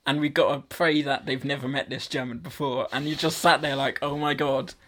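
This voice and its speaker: A man's voice: mid-range voice, fairly even intonation, a little fast, a bit bright, slight background noise. A young man in his twenties chatting casually, telling stories with laughs and swearing. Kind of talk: casual chat.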